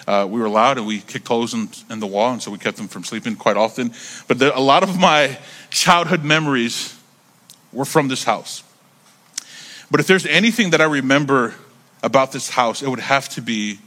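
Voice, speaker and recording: A man in his thirties preaching, telling a story in an animated, conversational way, repeating words as he builds up. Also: medium pitch. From United States. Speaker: pastor. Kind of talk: sermon storytelling.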